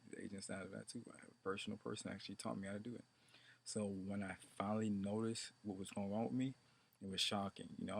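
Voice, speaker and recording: A man's voice: fairly low pitch, vocal fry, breathy edge. A man talking about meditation in a rambling, repetitive way, now and then chanting mantras. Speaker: meditation teacher. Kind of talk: rambling casual monologue.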